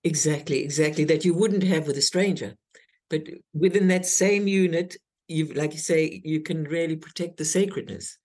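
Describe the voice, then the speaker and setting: A woman's voice: sits low, moderate pace, a little mellow. A woman, a guest teacher, talking earnestly in an interview and explaining her ideas step by step. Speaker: guest, intimacy teacher and author. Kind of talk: interview conversation.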